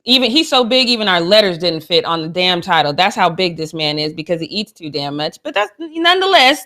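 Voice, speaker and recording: A woman's voice: mid-range voice, bright, forceful tone. A woman co-hosting a sports talk show, gushing and emotional, with sassy trash talk. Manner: gushing and emotional, with frequent laughs. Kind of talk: casual sports chat.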